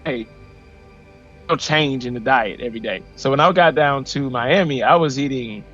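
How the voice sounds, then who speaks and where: A man in his forties from Missouri tells his own story as a podcast guest. He is animated and slips into the voices of people he quotes. The audio is dull and lo-fi, with soft music playing underneath. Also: medium pitch, moderate pace. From Missouri, USA. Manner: animated, acts out quoted dialogue. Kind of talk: personal storytelling.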